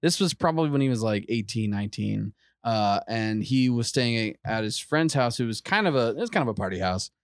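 A man's voice: mid-range voice, animated, fairly quick, dry recording, clean studio sound. A young man casually telling stories on a podcast, rambling and laughing often. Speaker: podcast host. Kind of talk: casual chat, storytelling.

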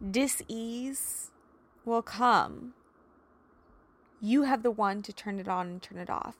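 A woman in her thirties, a podcast host and life coach, speaks in a mid-range, slightly bright voice on her solo show. Her heartfelt talk is emotional, earnest and encouraging, sprinkled with lots of "you know"s and "like"s.

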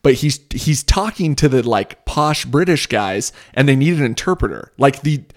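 A man hosting a podcast, chatting casually with a friend in a rambling, excitable way full of fillers and the odd swear word. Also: mid-range voice, moderate pace. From United States. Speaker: podcast host. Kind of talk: casual chat.

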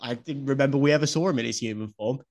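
A man's voice: medium pitch, rapid-fire, darkish tone. A man hosting a podcast in casual chat, blunt and swearing freely. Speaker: podcast host.

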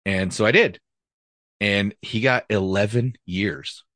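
A retired police officer who hosts a podcast tells a story from his career in a blunt, profane, casual way. His voice is lowish and a bit bright, he speaks slowly, and the recording is dry.

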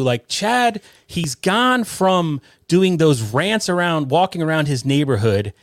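A man hosting a podcast in excitable, rambling banter, full of movie comparisons. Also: on the high side, no room sound, clean studio sound. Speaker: podcast host.

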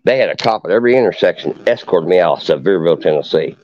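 Deep guy cussing up a storm telling his story, muffled lo-fi audio. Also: expressive, racing, darkish tone. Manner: profane, boastful hillbilly storyteller. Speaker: podcast guest, moonshiner. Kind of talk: casual podcast storytelling. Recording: dull lo-fi podcast audio.

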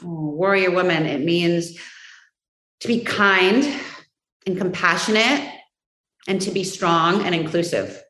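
A woman's voice: lowish voice, reverberant, low-quality recording. A woman in her forties answering interview questions in a heartfelt, casual way. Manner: warm, heartfelt, quickly emotional. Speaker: guest.

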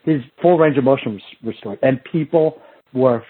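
Husky man telling a profane story. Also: mid-range voice, moderate pace, narrow, tinny audio. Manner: animated and profane, acts out what others said. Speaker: strength and movement coach. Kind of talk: casual storytelling.

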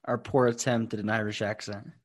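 A man's voice: on the low side, level tone, brisk. A man co-hosting a podcast, talking in an easygoing conversational way. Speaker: podcast co-host. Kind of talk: casual chat.

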